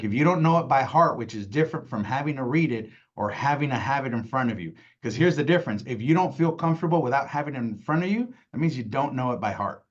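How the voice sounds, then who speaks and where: A man's voice: medium pitch, dull audio. Emphatic man coaching a sales team. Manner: emphatic, repeats "right?" and "y'all". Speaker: sales trainer. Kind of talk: insurance sales training talk.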